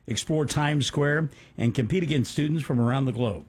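Local radio host guy, kinda husky, chatty, mid pitch. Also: moderate pace, darkish tone. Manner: conversational, enthusiastic asides. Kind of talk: local radio news chat.

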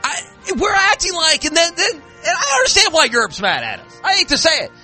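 A man's voice: very high-pitched, big pitch swings, fairly quick, pushed and bright, faint music behind. A man hosting a sports talk show, ranting in exasperation with frequent restarts. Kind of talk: casual sports talk rant.

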